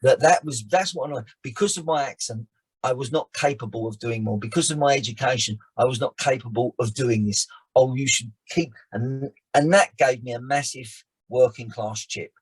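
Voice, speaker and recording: A man, chatting as a guest on a podcast, animated and often restarting his sentences. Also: mid-range voice, moderate pace, breathy edge. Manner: animated, frequent restarts and repeated words. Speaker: actor and filmmaker guest. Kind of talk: casual podcast chat.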